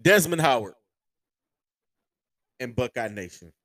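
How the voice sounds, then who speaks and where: A man hosting a podcast with a sore throat, ranting casually and profanely about sports, heating up to shouts. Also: mid-range voice, lively intonation, a little slow, dry recording. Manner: profane, heated, rising to shouts. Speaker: podcast host.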